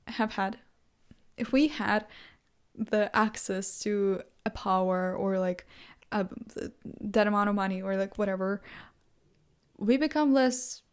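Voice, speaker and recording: A woman vlogger in casual thinking-out-loud chat, rambling with lots of "like" and restarts, and playful self-amused asides. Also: medium pitch, slow pace, long pauses, clear, resonant tone. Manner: rambling, heavy use of "like", frequent restarts.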